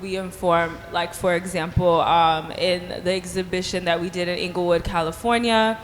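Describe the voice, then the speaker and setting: A woman's voice: on the low side, fairly even intonation, moderate pace. A woman speaking as a designer on a panel in a large hall, earnest, with fillers. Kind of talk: panel talk. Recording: long hall reverb, faint noise.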